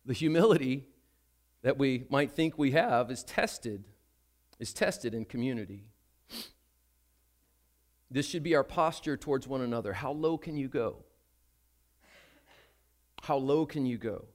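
A man's voice: mid-range voice, a little slow, long pauses. An older man preaching a sermon as a pastor, telling a story about himself in a chatty, self-deprecating way.

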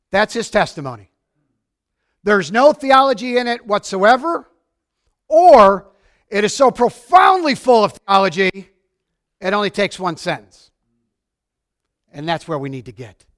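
Excitable high-voiced male preacher. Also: a little slow, pauses often. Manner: excitable, shouts then drops to quiet. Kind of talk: sermon. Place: church sanctuary.

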